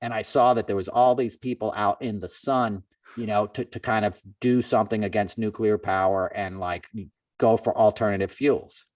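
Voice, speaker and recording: Guy on a podcast telling a story, bit far from the mic, dry sound, pitch jumps up when he does other people's lines. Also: moderate pace, no echo. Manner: animated, acts out quoted people in a raised voice. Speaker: podcast host. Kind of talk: casual storytelling chat.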